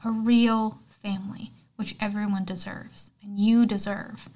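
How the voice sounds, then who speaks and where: A woman quoting a gentle young man from a commune who speaks in a soft, reassuring way. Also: medium pitch, level tone, measured pace, close to an everyday voice. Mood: soothing.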